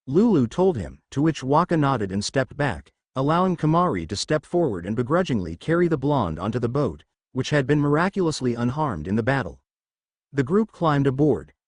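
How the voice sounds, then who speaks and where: A man narrating a fan fiction story in a steady storytelling voice. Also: medium pitch, no room sound, clean studio sound.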